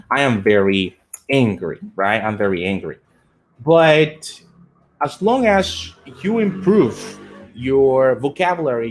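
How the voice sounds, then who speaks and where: Brief: male English teacher streaming live, mid-pitched, upbeat, repeats himself, reads out comments. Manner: lively, repeats words, reads out viewer comments.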